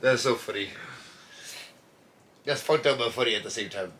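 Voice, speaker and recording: A man's voice: medium pitch, normal speed, a bit bright. A man in his twenties, co-hosting a comedy podcast in a laid-back, swearing, easily amused way. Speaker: podcast co-host. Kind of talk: casual chat.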